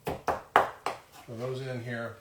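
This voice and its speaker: With a flat, medium-pitched voice and drawn-out words, a man leads a casual live cooking session at home, joking at his own expense and leaning on fillers. Heavy background noise fills the distant, roomy kitchen audio as cutlery, dishes and chopping clatter loudly.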